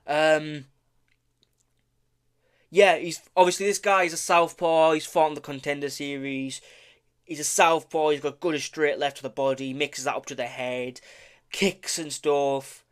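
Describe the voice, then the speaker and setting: A man's voice: fairly high pitch, little pitch movement, a little slow, clean tone. A man casually talking through fight predictions, rambling, correcting himself, and tripping over names with offhand swearing and humor. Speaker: vlogger making fight predictions.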